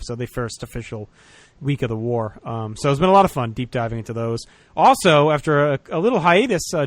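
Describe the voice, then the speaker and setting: A man's voice: medium pitch, dry recording. Male podcast host, loose chatty delivery, dry close mic. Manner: relaxed, rambling with fillers. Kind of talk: casual podcast chat.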